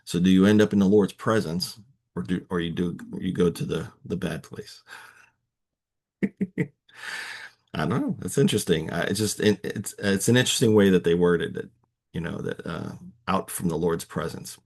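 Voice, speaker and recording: A man's voice: deep voice, animated, moderate pace, vocal fry, a little mellow, slightly rough. A man with a Texan accent hosting a casual Bible study, reading verses and musing on them in a conversational way. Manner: musing, conversational, many fillers and restarts.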